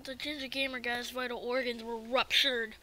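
A woman giving casual let's-play commentary, excitable and talking back to the game's enemies. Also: fairly high pitch, normal speed, slight background noise. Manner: excitable, swears and talks to the game enemies. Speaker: gaming video creator.

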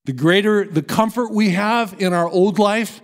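A man's voice: high-pitched, unhurried. An American man preaching a sermon as pastor, earnest and emphatic as he tells a story. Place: church sanctuary. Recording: long hall reverb in a church.

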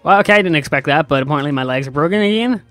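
A young man giving sarcastic, excitable let's-play commentary to his viewers. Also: fairly high pitch, racing, dry recording, soft background music. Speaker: gaming YouTuber.

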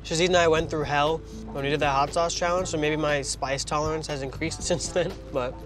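A man's voice: fairly high pitch, steady tone, a little fast, music in the background. A young man, vlogging from his parked car with a phone, rambling with jokey asides while he eats. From Trinidad. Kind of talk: casual car vlog while eating.

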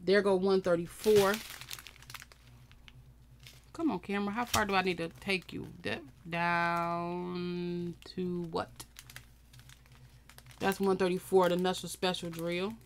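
A woman's voice: lowish voice, level tone, slow pace, pauses often, a little hiss or hum. A woman with chatting casually to viewers while unboxing a crafting kit. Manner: chatty, talks to viewers and camera. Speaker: crafting vlogger.

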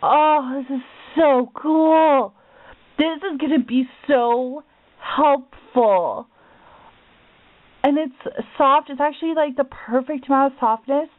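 A woman's voice: sits high, unhurried, no echo. Gushing woman on tinny lo-fi audio. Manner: gushing, gasping, repeated exclamations. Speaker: craft vlogger. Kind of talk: package opening vlog.

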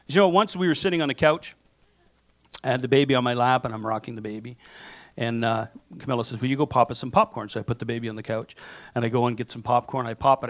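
Animated man preaching a sermon. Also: mid-range voice. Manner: animated storytelling with acted-out quotes. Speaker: pastor. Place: church sanctuary.

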